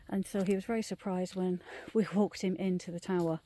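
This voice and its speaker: A middle-aged woman tells ghost stories as she walks a wooded trail at night, slipping often into a hushed whisper. Her voice sits low, with a warm, mellow tone and some gravel in it. Faint outdoor noise hums behind her. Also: steady tone, a little fast, hardly any pauses. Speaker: vlogger telling ghost stories. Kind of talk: casual storytelling on a walk.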